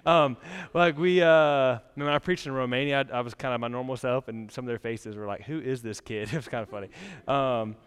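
A man's voice: medium pitch, steady tone, fairly quick, clean tone. A young man preaching a casual, conversational sermon in a church, chatty and laughing often, with many fillers. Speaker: pastor. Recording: long church hall reverb.

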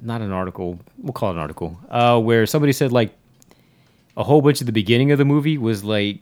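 A man with a mid-pitched voice, co-hosting a podcast in a casual, laid-back way. He mostly gives short replies and asks questions. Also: expressive, fast talker, darkish tone. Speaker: podcast co-host. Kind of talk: casual chat.

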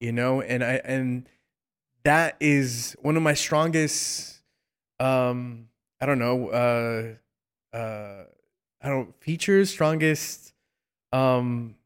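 A man's voice: mid-range voice, extremely slow, pauses often, clear, resonant tone. A man hosting a casual interview, praising his guest and talking in loose sentences with many fillers and repeated words. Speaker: host.

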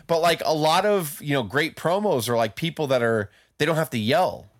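A man's voice: on the high side, a little fast, hardly any pauses, fairly bright tone, no echo. Rambling podcast host man, dry sound. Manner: rambling, restarts, playful asides. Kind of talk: casual podcast chat.

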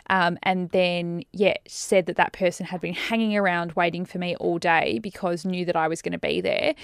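A woman, co-hosting a podcast and telling animated, chatty anecdotes. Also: on the low side, gravelly, no echo, clean studio sound. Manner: animated anecdotes, frequent "literally" and "like". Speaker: podcast co-host. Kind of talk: casual chat.

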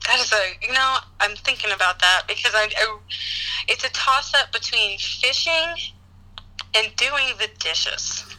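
Woman, very bright voice, slightly high, animated, laughs a lot, casual storytelling. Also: slow, pauses often, a little hiss or hum, rough recording. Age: adult parent. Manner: animated, laughs often, many "like" fillers. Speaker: guest answering questions.

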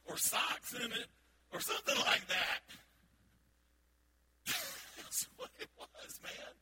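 A middle-aged man, a pastor, preaching a sermon in a church sanctuary with playful, animated storytelling. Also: extremely high pitch, slow, long pauses, a little hiss or hum. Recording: loud background ambience.

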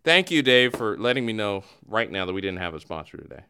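Animated ranting man hosting a sports show. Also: fairly low pitch, a little fast, clean tone. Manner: animated, ranting with mock voices. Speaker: podcast host. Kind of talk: casual sports talk show.

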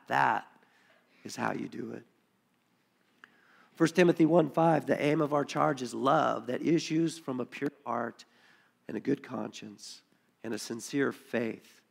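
A male pastor delivers a sermon, his voice sitting a little high with a gravelly, fry-tinged texture. He drives his points home through repetition and slips into quoted voices as he retells a biblical scene. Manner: preaching with rising intensity and repetition.

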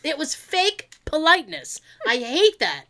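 A woman telling a story in casual chat, animated and profane, often laughing as she talks. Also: sits high, measured pace.

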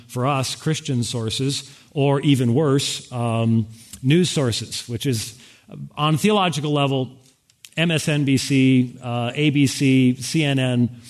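A man giving a quick, wry sermon-style lecture to a conference audience. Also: medium pitch. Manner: fast-talking, wry, addressing an audience with interpreters. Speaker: speaker at a Christian conference.

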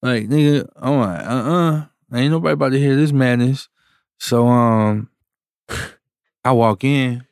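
Animated man telling a slangy story. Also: mid-range voice, unhurried, pauses often, clear, resonant tone, dry recording, studio quality. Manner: animated, slangy, acts out quoted voices. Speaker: music producer telling a story. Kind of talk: casual storytelling.

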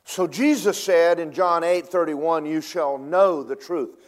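A man delivers a sermon, his voice sitting a touch higher than most men's. He talks in a folksy, emphatic way, dropping low and quiet, then rising loud, and stretching words out slowly before rushing ahead. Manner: folksy, emphatic, varies loudness and pace for effect. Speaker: preacher.

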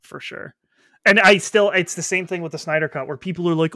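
A man's voice: a little high, a little fast, sharp tone, no room sound, studio quality. A young man in casual chat about games and films, blunt and opinionated, swearing freely.

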